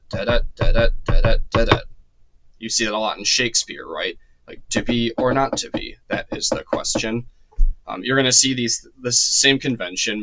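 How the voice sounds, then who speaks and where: A man with a low-set but bright, forward voice gives a relaxed spoken lecture. He talks loosely, with frequent ums and self-corrections. His voice sounds slightly worn, as if he is starting to lose it. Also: rough recording. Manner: loose and chatty, heavy with ums and restarts. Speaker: course lecturer.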